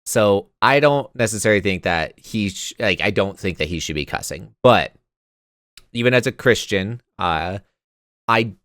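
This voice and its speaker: A man's voice: lowish voice, animated, moderate pace, a bit bright, dry recording, studio quality. A man co-hosting a podcast, giving his opinion in a thoughtful, hedging way with frequent restarts. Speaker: podcast co-host. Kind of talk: casual chat.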